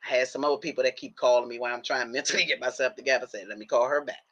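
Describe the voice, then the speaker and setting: A man's voice: medium pitch, fairly even intonation, rapid-fire, sharp tone. A man hosting a casual livestream, telling viewers a story and acting out his own thoughts in quoted asides. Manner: talks directly to viewers, calling them y'all. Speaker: livestream host. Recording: dull lo-fi livestream audio.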